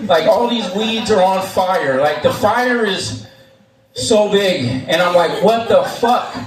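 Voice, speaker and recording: A man's voice: high voice, slow pace, a crowd in the background. A young man telling stories at a live show, in a casual, rambling way, swearing often and filling gaps with uh and um. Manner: rambling and profane, with many fillers and restarts. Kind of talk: casual spoken storytelling. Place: live venue, on stage. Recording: echoey room, mic far off, faint noise.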